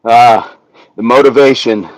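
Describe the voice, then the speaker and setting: An American man with a mid-range voice speaks at a measured pace; the audio is poor, with no room sound. He's from the US South, was raised in the Midwest, and is in California hosting a fitness livestream, where he chats casually, reads viewer comments, and laughs easily.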